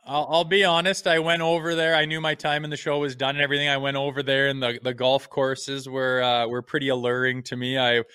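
A man in his thirties tells his stories in a relaxed, easygoing way, swearing often and laughing easily. His voice is bright and smooth. The sound is dry and close, with no room around it. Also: mid-range voice, fairly quick, few pauses, no echo. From Canada. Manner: laid-back storytelling, swears freely, laughs easily. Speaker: podcast guest, former pro hockey player and firefighter. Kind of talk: casual chat.

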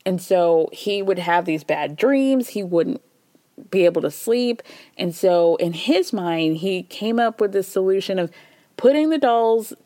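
Female podcast host, casual sarcastic recapper, mid-pitched voice, dead dry studio sound. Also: lively intonation, unhurried, dark tone, no room sound. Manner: chatty, sarcastic, acts out quotes in playful voices.

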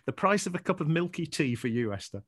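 Man, scouse accent, co-host, animated pitch, slightly high voice, chatty storyteller. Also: fast, slightly rough. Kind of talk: casual podcast chat.

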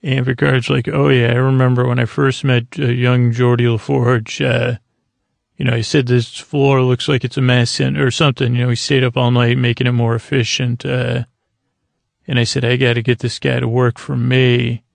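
Gravelly flat-voiced man recapping. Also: mid-range voice, no room sound. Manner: halting, many fillers, loses his place. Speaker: podcast host. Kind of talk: casual episode recap from notes.

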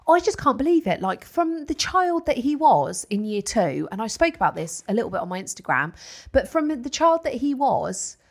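A woman's voice: on the high side, very animated, moderate pace, hardly any pauses. A woman, co-hosting a casual chat, telling stories in a chatty, self-mocking way. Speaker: podcast co-host.

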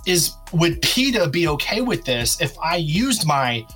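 A man's voice: a little high, big pitch swings, unhurried, bright, forceful tone, faint music behind. A man co-hosting a podcast, chatting casually and rambling through silly hypotheticals. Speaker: podcast co-host.

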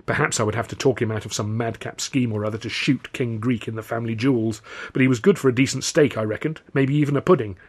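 A man reading his own novel aloud as narrator, with brisk, wry storytelling. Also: medium pitch, slightly rough. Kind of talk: scripted narration.

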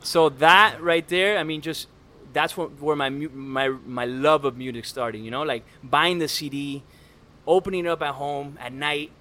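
Relaxed man telling stories, casual. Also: a little high, normal speed. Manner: relaxed storytelling with fillers. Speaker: podcast guest, rapper. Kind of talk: casual conversation.

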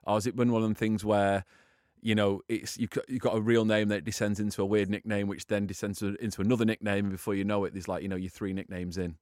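A man hosting a podcast, chatting casually with quick laughs and stumbling repeats. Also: on the low side, little pitch movement, darkish tone, dry recording, studio quality. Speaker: podcast host.

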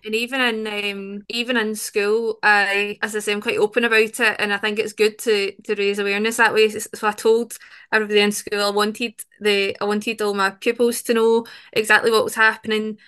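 A woman's voice: medium pitch, little pitch movement, brisk, bright, forceful tone, smooth. A woman, a podcast guest talking openly and chattily, with frequent restarts. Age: 20s. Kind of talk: conversational interview.

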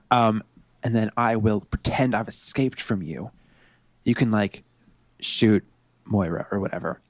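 A man's voice: lowish voice, dry recording. A man playing a tabletop game, planning playfully and laughing often. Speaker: player. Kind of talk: casual tabletop game play.

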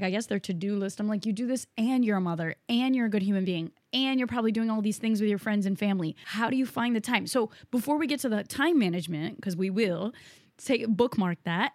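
A woman host leads a casual interview with quick, eager questions. Her voice sits mid-range and sounds dry and close, with no room in it. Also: medium pitch, darkish tone, no room sound. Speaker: podcast host.

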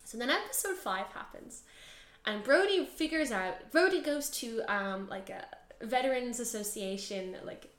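A young adult woman co-hosting a podcast, casually recapping a TV series in an animated way, full of fillers and swearing. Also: on the high side, normal speed, reverberant. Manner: animated, heavy filler use, swears freely. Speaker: podcast co-host.

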